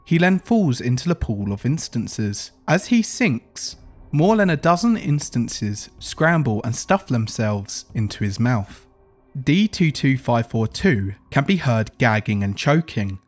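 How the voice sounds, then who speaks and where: A man giving scripted horror narration in an even, report-like reading style. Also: mid-range voice, unhurried, soft background music.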